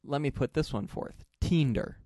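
Joking male podcast co-host, animated delivery, dry close recording. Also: mid-range voice, normal speed, dry recording. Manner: joking, playful, puts on silly accents. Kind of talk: casual podcast chat.

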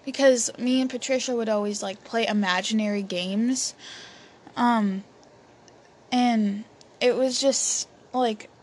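A woman's voice: a little high, fairly even intonation, takes it slowly, darkish tone. A young woman telling a personal story in a chatty way, with many fillers and restarts. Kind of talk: casual storytelling. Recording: faint background noise.

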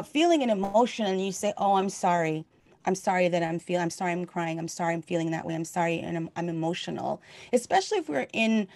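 A middle-aged woman minister speaks in an earnest, heartfelt way, loose and conversational, with frequent fillers. Her voice sits at an ordinary pitch and is recorded dry and close, with no room around it. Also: no echo. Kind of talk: sermon.

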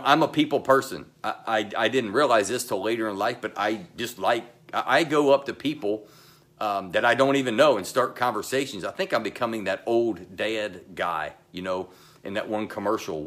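Talking to his congregation in friendly asides, a middle-aged pastor preaches with slow, emphatic pacing, frequent pauses, and abrupt drops to a soft, low voice.

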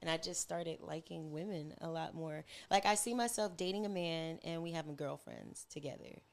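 A woman's voice: sits low, normal speed, creaky. A woman guest on a podcast, talking in casual, profane banter. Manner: brash, profane, laughing banter. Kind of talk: casual chat.

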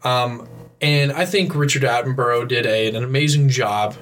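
A man co-hosting a casual podcast chat, excitable and laughing often, with some swearing. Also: medium pitch, normal speed, faint music behind. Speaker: podcast co-host.

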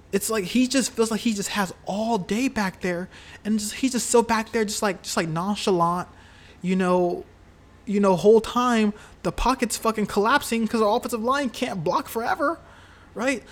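Guy with a pretty high voice venting about his team, cursing, lots of "like" and "right?". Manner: heated, profane, rambling with many fillers. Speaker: sports fan commentator. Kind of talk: casual solo sports talk.

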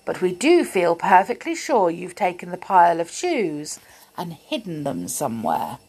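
A woman's voice: lowish voice, wildly swooping pitch, moderate pace, a little mellow, breathy edge, exaggerated voice. A woman voicing a cross, fussy male teddy bear who talks in a stern, scolding way. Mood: firm.

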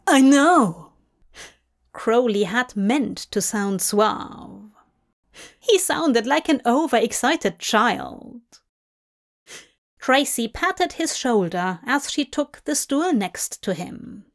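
Slow, high-voiced woman reading a story. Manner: unhurried, even reading. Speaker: fanfiction reader. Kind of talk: audiobook narration.

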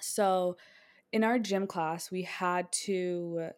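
A woman's voice: fairly low pitch, fairly even intonation, extremely slow, a little mellow, smooth. Chatty young woman telling a story. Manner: chatty storytelling, laughs often, speeds up in bursts. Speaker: podcast co-host. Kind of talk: casual chat.

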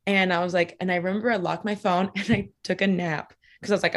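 Candid young woman telling stories, lower voice. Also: steady tone, fast, hardly any pauses. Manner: candid, lots of "like" fillers and swearing, acts out quoted lines. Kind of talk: casual personal storytelling.

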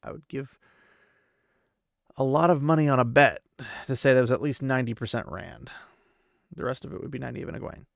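Gravelly-voiced man, chatty recap host. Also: medium pitch, brisk, long pauses, dry recording, clean studio sound. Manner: chatty, full of fillers and asides. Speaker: podcast host. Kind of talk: casual chapter recap.

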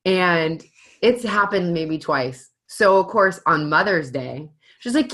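A woman in her thirties chats casually as a mother of small kids, with a low voice. Her tone is bright and forceful. She tells stories in a lively, emotional way and pokes fun at herself. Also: slow pace. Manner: animated storyteller, emotional and self-mocking. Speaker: mother of young children. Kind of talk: casual chat.

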